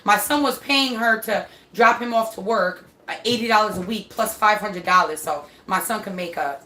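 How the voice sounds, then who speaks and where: Animated swearing woman, echoey room. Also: mid-range voice, moderate pace. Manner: animated, swears freely, acts out quotes. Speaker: mother telling a story. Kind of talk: casual storytelling to camera. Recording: echoey room with faint noise.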